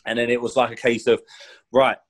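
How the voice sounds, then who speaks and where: The ex-footballer's voice sits mid-range here, delivered flatly and a touch fast over poor audio. He's a podcast guest in a relaxed storytelling interview, rambling through his career, often asking "do you know what I mean" and acting out speech loudly.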